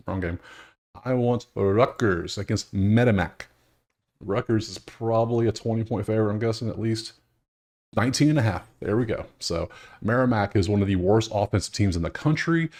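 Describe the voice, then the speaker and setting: Casual male betting host, lowish voice, half-muttered running commentary with dry exasperation. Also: normal speed, darkish tone. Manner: muttering to himself, chatty, wry and exasperated asides. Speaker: sports betting video host. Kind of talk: casual solo commentary over stats.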